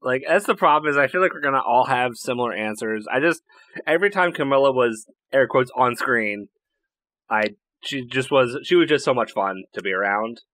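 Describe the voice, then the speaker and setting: Man, podcast guest, bright forward tone, dry close sound, halting recall. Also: mid-range voice, lively intonation, no room sound. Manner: halting, restarts while recalling. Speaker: tabletop game player. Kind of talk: casual podcast chat.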